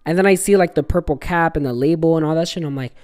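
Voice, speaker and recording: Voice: mid-range voice, fast talker, a little mellow, clear, resonant tone. A young adult podcast co-host in a casual solo episode, rambling and swearing freely while telling a funny story. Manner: rambling, profane, laughing storyteller.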